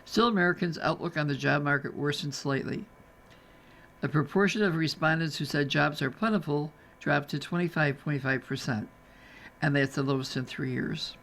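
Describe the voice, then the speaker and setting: A man's voice: fairly high pitch, normal speed, gravelly, fairly bright tone, slight background noise. A man reading newspaper articles aloud for a radio reading service, adding chatty asides as he goes. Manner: chatty, adds casual asides while reading. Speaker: volunteer reader.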